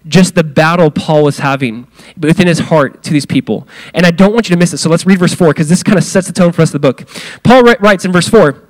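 A man preaching with a slightly higher-pitched voice, talking loosely and casually. He fills his talk with "like" and jumps up and down in pitch when he acts out the quoted lines. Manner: conversational, many fillers, acts out quoted lines with big pitch swings. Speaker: pastor. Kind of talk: sermon.

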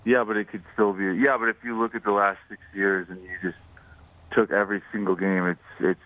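A man's voice: fairly low pitch, little pitch movement, fairly quick, dry recording. A man co-hosting a sports betting radio show, casual and teasing, laughing easily. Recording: dry phone-line sound.

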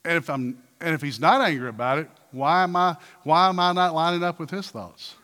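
A man preaching a sermon in a church, animated, firing rhetorical questions and acting out quotes. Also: a little high, fairly quick, in a large hall. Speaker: pastor.

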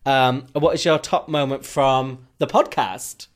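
A man's voice: medium pitch, steady tone, a little slow. A man co-hosting a podcast in casual chat, laughing often and reading listener questions aloud. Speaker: podcast co-host.

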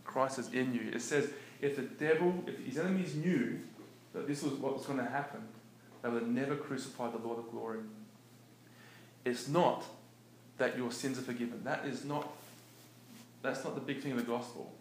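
Animated preaching man in echoey room. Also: medium pitch, normal speed. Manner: animated, conversational, laughs often. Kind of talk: casual teaching talk. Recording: echoey room with faint noise.

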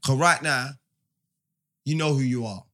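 A man, co-hosting a casual chat podcast, animated and full of street slang with loud bursts. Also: mid-range voice, a little slow.

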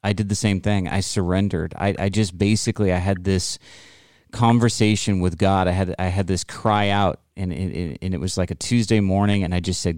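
A man's voice: low voice, steady tone, fairly quick, darkish tone, smooth, no echo, studio quality. A man hosting a conversational talk show, earnest and empathetic, sharing his own stories. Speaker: host.

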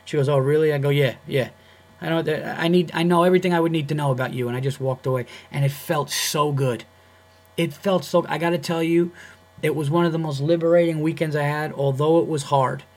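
A man's voice: fairly high pitch, fairly even intonation, quick pace. A man, a comedian hosting his own podcast, telling a story in a heated, profane way and acting out both sides of the dialogue. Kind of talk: casual storytelling monologue.

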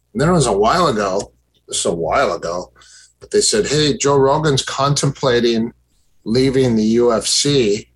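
A man's voice: medium pitch, fairly bright tone, breathy edge, poor audio. A man, a guest and former fighter, telling long stories in a casual chat, rambling with fillers and restarts and acting out what others said. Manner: rambling, many fillers and restarts, acts out quoted exchanges.

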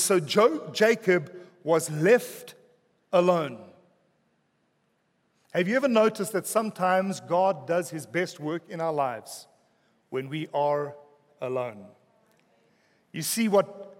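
A man preaching a sermon as pastor, pausing for effect, dropping soft on key words, with joking asides to the congregation. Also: sits high. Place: church hall. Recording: long reverb of a church hall.

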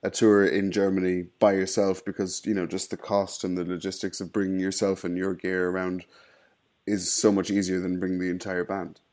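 A man hosting a casual interview podcast, reasoning through a point in a measured way. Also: low-pitched, little pitch movement, a little mellow. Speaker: podcast host.

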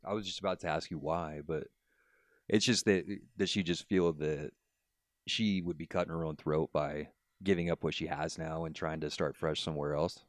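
Low-voiced man in his thirties hosting. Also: fairly even intonation, moderate pace, no room sound, studio quality. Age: 30s. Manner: conversational, laughing asides, many restarts. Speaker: podcast host. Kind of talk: casual discussion.

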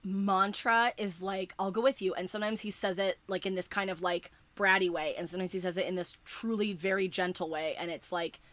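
Young woman, casual chat, excitable and sweary, bright tone. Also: medium pitch, brisk, few pauses, no room sound. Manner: excitable, emphatic, swears often, many fillers. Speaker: fan podcaster.

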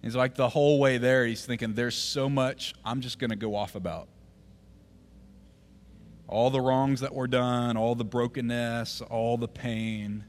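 A man, preaching a sermon as the pastor. He tells a story, drops almost to a whisper at tender moments, and grows forceful when he urges the congregation. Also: medium pitch, steady tone, a little slow.

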